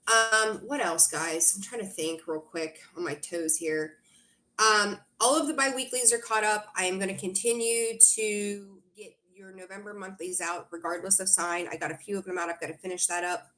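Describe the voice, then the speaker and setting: A woman's voice: medium pitch, steady tone, normal speed, pushed and bright. A woman hosting a live tarot stream, rambling casually with lots of fillers and restarts while greeting viewers. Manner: chatty, rambling, reads out viewer comments; frequent fillers and self-corrections. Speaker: tarot reader hosting a livestream. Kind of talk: casual livestream chat.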